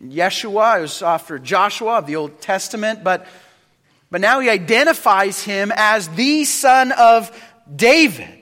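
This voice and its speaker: A man preaching a sermon as pastor, swinging between loud calls and hushed, low lines. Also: lively intonation, a little slow. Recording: reverberant hall.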